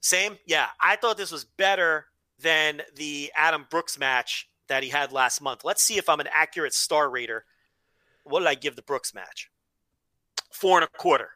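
A man co-hosting a podcast in rambling, animated casual chat, with frequent restarts and swearing. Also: a little high, normal speed, no room sound. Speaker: podcast co-host.

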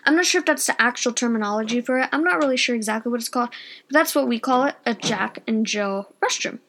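A young woman tells a story in a chatty, wandering way, often losing her thread. Her voice sits high. She talks casually from her bedroom at home. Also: fast talker, a bit bright, slight background noise. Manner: rambling, chatty, loses her train of thought. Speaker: vlogger.

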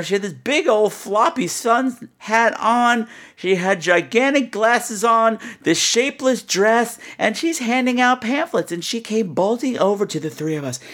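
A man hosting a podcast, telling a funny story with animated, exaggerated delivery and quick asides. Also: a little high. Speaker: podcast host. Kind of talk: comic storytelling.

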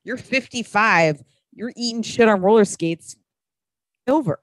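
A woman in her thirties co-hosting a casual chat, blunt and quick to swear. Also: fairly high pitch, dry recording. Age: 30s. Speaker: podcast co-host.

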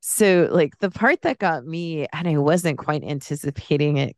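A woman's voice: low voice, normal speed, few pauses, dry recording, clean studio sound. A woman guest on a podcast, chatting casually and with feeling about a film, rambling and restarting her sentences. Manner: rambling, heartfelt, many restarts.

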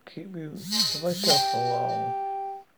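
A greedy, sneering neighbour, voiced by a male narrator, dismissive and mocking in every word. His voice is gravelly and unhurried, sitting slightly high. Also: wildly swooping pitch, loud music behind the voice, heavily acted. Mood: scornful. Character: greedy, scornful middle-aged man neighbour.

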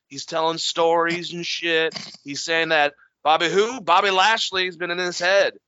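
Bright-voiced man recapping wrestling casually. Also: fairly high pitch, steady tone, unhurried, clean tone, no echo, muffled recording. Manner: swears freely, talks in long run-on recaps. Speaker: podcast co-host.

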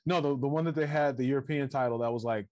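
A man's voice: medium pitch, fast talker, a little mellow, no room sound, clean studio sound. A man in casual chat, animatedly retelling a story, acting out quotes and swearing freely between laughs.

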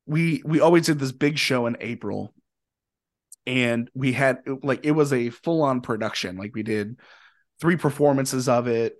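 Young guy rambling thru a band story, animated, cusses a lot, average pitch. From Indiana, US. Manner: rambling, animated, swears freely. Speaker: podcast guest, musician. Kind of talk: casual storytelling.

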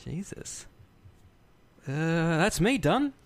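A man's voice: high-pitched, sing-song, slow pace, husky. A man co-hosting a podcast in casual chat, loose and profane, laughing often. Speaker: podcast co-host.

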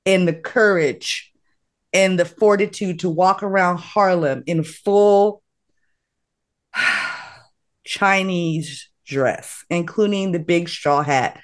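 A woman hosts a relaxed podcast conversation, her voice rising and falling as she summarizes a film. She talks playfully and laughs easily, in a casual chat style. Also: on the low side, takes it slowly, long pauses. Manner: animated, laughing, playful storytelling. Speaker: podcast host.

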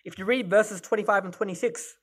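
A man's voice: high voice, brisk, breathy edge. A male pastor delivering a sermon, explaining scripture and Greek word meanings in a teaching manner.

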